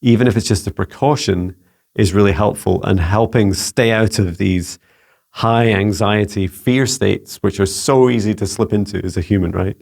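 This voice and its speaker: A Scottish man, a spiritual mentor answering viewer questions in a casual video, speaking gently and soothingly with many halting repeats. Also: lowish voice, creaky. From Scotland.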